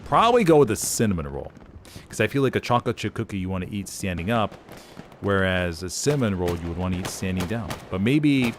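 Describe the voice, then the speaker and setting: A man casting a live game, chatting casually in rambling, relaxed asides. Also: low-pitched, fairly quick, slight background noise. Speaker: game caster. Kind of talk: casual chat during live game commentary.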